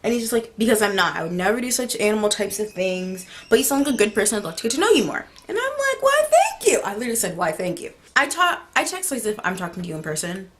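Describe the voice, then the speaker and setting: An American teenage vlogger tells a story at a rapid-fire clip with hardly any pauses, her voice mid-range. She's animated and laughing as she acts out a text exchange.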